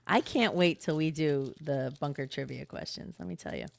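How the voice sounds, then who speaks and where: A woman co-hosting a podcast in casual chat, talkative and quick to laugh. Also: deep voice, gravelly, a little hiss or hum. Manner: chatty, laughs often, reads plugs in a bright upbeat voice. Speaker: podcast co-host.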